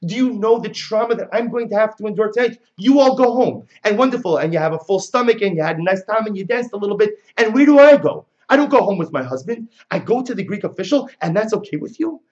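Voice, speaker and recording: A man's voice: high voice, expressive, fast, few pauses, dull audio, voice pushed up. A man voicing an outraged young bride who fires accusing questions at the crowd around her. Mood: indignant. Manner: indignant, accusing rhetorical questions.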